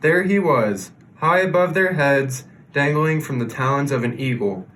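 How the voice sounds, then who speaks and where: A man's voice: fairly high pitch, expressive, a little slow, fairly bright tone. A young man on a sports team reading a children's picture book aloud with expression. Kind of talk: storybook read-aloud.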